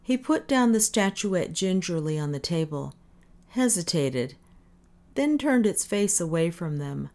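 Woman reading a story aloud, unhurried, deep for a woman. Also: big pitch swings, darkish tone. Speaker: narrator. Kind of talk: audiobook narration.

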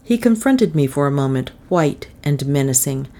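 A woman reading a classic novel aloud as an audiobook narrator, in a measured, even storytelling manner. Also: deep voice.

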